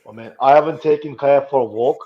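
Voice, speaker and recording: A man's voice: mid-range voice, brisk, dull audio. A man chatting casually with a friend, easygoing and swearing now and then. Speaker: guest. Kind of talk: casual chat.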